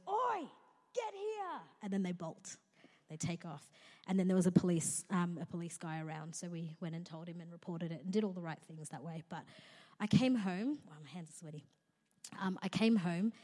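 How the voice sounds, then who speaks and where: A woman's voice: fairly low pitch, mellow. A young woman giving a sermon in a church hall, telling a personal story in a casual, conversational way with touches of humor. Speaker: guest speaker. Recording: long reverb of a large hall.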